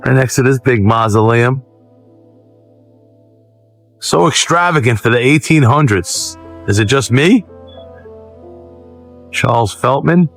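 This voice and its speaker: A man hosting, giving casual reaction commentary with wry, drawn-out quips. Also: medium pitch, expressive, fairly bright tone, soft background music. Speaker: host.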